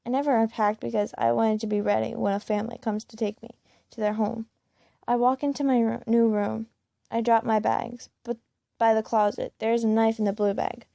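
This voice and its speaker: Gravelly woman reading a story. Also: a little high, warm tone, dry recording. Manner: plain reading with small slips and restarts. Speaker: fan-fiction reader. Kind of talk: first-person story reading.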